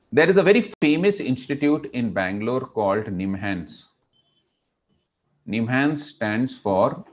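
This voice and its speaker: Animated Indian English man telling a story. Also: mid-range voice. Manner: animated storyteller, acts out quoted voices. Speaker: speaker at a student induction program. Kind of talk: storytelling lecture. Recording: dull lo-fi recording.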